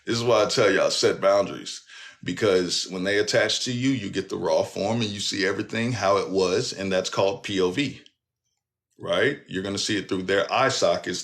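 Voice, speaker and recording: A man hosting a casual talk show, telling a personal story in an animated, profane way and speaking straight to his listeners. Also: low voice. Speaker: host.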